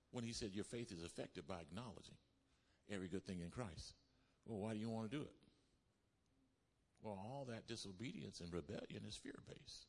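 A man preaching a sermon as pastor, swinging between loud exhortation and low, quiet passages. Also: fairly quick, pauses often. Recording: long hall reverb.

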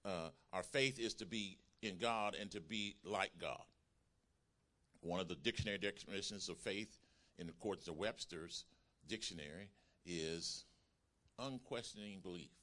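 A male pastor delivering a sermon to a congregation. He swings from calm explaining to loud, emphatic call-and-response preaching and often repeats and restarts his phrases. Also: deep voice, normal speed. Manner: builds from quiet teaching to loud, emphatic preaching with call-outs.

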